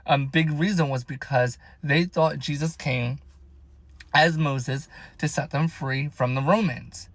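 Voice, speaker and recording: A man's voice: mid-range voice, steady tone, measured pace, no room sound. A young man telling a rambling, emotional story about his faith in a casual video, with lots of "like". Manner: rambling, emotional, heavy use of "like". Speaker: vlogger. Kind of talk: casual personal faith talk.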